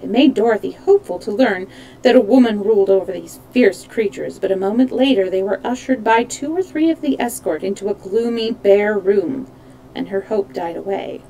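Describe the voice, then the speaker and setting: A woman hosting a live storytime stream, reading a storybook aloud at a steady pace with small slips that she corrects. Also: mid-range voice, normal speed, a little hiss or hum, rough recording. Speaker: storytime host. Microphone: streaming mic.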